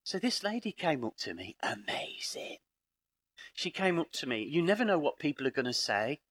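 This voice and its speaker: A middle-aged British man addresses a hall full of people, his voice bright and fairly high. He swoops through a wide pitch range as he acts out conversations, with a dry, humorous edge. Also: brisk. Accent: British English. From Britain. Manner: animated storyteller acting out dialogue, dry humour. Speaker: conference speaker. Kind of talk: lively live conference talk. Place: parish hall with an audience.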